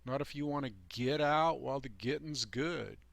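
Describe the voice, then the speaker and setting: Gravelly and mid-range, this channel host moves at a moderate pace through a preachy, meandering talk of life advice, folksy and emphatic, with frequent "you know" and "man" plus sarcastic digs. No room sound is heard.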